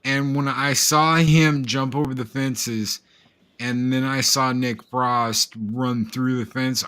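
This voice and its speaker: A man's voice: medium pitch, sharp tone. A man in a casual film discussion, talking in a folksy storytelling way.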